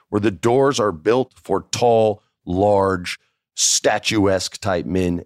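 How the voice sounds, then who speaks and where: A man's voice: fairly low pitch, no room sound, studio quality. A man from New Mexico telling a backstage story in casual chat, acting out the other people's voices. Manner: animated, acts out voices of others. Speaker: storyteller guest.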